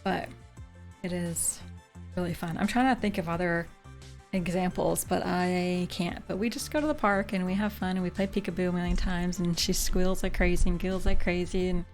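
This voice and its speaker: A woman's voice: fairly low pitch, fairly even intonation, moderate pace, soft background music. A woman streamer from Canada chatting casually with her live viewers. She talks in a chatty, giggly way and says "like" often. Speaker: game streamer.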